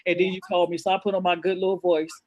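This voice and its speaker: A woman's voice: on the low side, little pitch movement, very fast, a little mellow. A woman guest author telling her personal story in an interview, earnest and emotional, often repeating herself as she goes.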